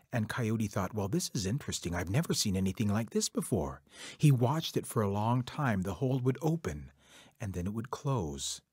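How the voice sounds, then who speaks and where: A man telling a traditional folk tale in a rhythmic, repetitive, measured way. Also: medium pitch, a little mellow, breathy edge, dry recording, clean studio sound. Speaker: storyteller. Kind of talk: oral folk-tale storytelling.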